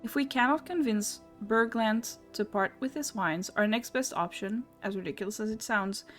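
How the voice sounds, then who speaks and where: A woman reading a game townsperson's dialogue aloud in a measured, storytelling way. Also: medium pitch, fairly bright tone, soft background music, lightly acted. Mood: wistful.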